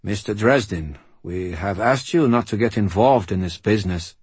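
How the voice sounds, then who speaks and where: A man voicing a small, wise old knight with an accent who speaks calmly and tersely. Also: lowish voice, slightly rough, no room sound, heavily acted. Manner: calm, measured, terse.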